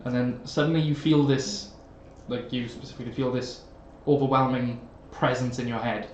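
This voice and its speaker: A man's voice: mid-range voice, steady tone, moderate pace, a little hiss or hum. A man, casually narrating as game master with many fillers. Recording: echoey room, dull sound.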